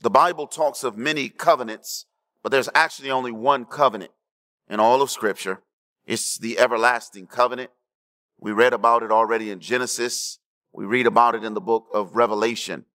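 A man preaching a sermon, checking in with the congregation and swinging between hushed low lines and raised emphatic ones. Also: steady tone, a little fast. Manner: preaching with call-and-response asides to the congregation. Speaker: pastor.

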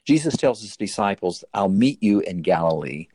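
A man's voice: fairly low pitch, expressive, moderate pace, dark tone, breathy edge. A man preaching, retelling a Bible story as an earnest storyteller whose voice climbs sharply at dramatic moments. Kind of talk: sermon-style Bible storytelling.

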